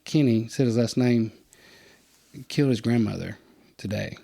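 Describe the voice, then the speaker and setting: A man, hosting a podcast and telling stories in a casual, animated way, putting on higher voices for the people he quotes. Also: moderate pace, gravelly. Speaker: podcast host. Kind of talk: casual storytelling chat.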